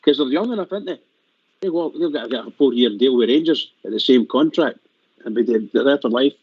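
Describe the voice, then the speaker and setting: A man's voice: medium pitch, expressive, slightly rough, dry recording. A man talking on a fan phone-in show, stumbling and restarting often. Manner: halting, many restarts. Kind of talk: casual phone-in chat. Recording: muffled radio audio.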